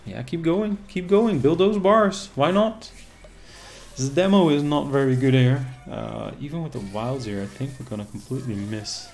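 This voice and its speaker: A man's voice: medium pitch, expressive, moderate pace, creaky, darkish tone, faint music behind. A man streaming casually, chatting with viewers and reacting to the game as it plays. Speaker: casino streamer. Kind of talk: casual live-stream commentary.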